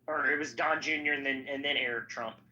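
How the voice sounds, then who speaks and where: A man's voice: mid-range voice, steady tone, fairly quick, pushed and bright. A man talking politics in a rambling, profane, casual podcast chat. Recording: slightly dull audio with faint background noise.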